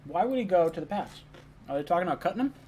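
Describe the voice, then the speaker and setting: A chatty young guy hosts a live stream, eating while he talks and reading out chat messages in a loose, casual way. His voice is high-pitched, warm and husky, expressive and rapid-fire.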